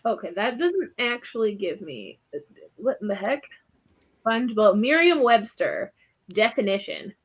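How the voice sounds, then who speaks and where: A woman's voice: a little high, sing-song, measured pace, breathy edge. Giggly woman hosting a stream. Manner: giggly, teasing, reads definitions aloud. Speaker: host of a reading sprint stream. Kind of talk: casual chat.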